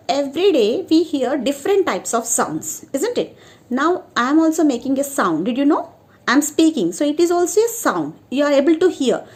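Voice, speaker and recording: Woman, high voice, sing-song primary-school teacher on an online class. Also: a little mellow. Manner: sing-song, keeps asking "isn't it, children?". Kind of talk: online class lesson for children.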